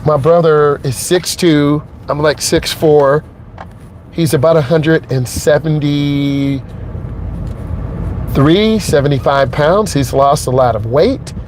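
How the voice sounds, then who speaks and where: A man's voice: a little high, slow pace, darkish tone, a little hiss or hum. A middle-aged man, a driving instructor, talking earnestly and emotionally to his viewers from inside his truck while driving, repeating his points and checking in with "okay?". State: emotionally shaken.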